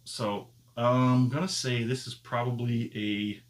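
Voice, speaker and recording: A man hosts his own whiskey review channel, talking to the camera in a relaxed, unhurried way and often pausing to find his words as he thinks aloud. His voice is medium-pitched and steady in tone.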